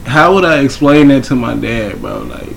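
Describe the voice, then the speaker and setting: A man's voice: mid-range voice, huge pitch swings, moderate pace, gravelly, very noisy. A young man co-hosting a podcast, talking in casual slang full of "bro" and "like," laughing easily. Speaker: podcast co-host. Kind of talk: casual chat.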